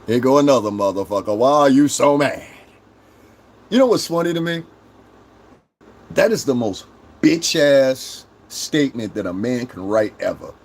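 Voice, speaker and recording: A man's voice: big pitch swings, normal speed, a little mellow. A man hosting a livestream, delivering a profane, combative rant and berating the people in his chat. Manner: profane, combative, mocks chat commenters in high mimicking voices. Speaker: livestream host.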